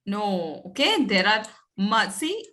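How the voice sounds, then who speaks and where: Bright woman teacher, patient. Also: mid-range voice, very animated, takes it slowly. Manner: patient, coaxing, with many fillers and okays. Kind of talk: online class teaching.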